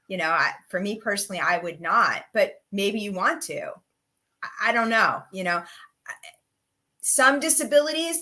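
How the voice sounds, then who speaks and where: A woman's voice: a little high, pushed and bright. A middle-aged woman career coach presenting a live webinar, talking candidly and chattily with lots of "like" and "you know". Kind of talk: casual live webinar talk.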